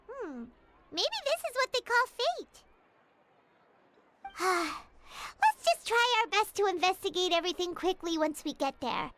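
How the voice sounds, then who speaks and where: A woman voicing a tiny, gluttonous, excitable female fairy companion who talks about herself in the third person. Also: extremely high pitch, a little slow, very noisy, exaggerated voice. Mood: musing. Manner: speaks of herself in third person, whiny and bubbly. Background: game music.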